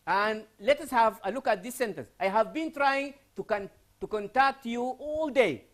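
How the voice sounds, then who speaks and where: A man's voice: extremely high pitch, normal speed. A man from Sudan lecturing a class on English writing, asking students questions and repeating key phrases.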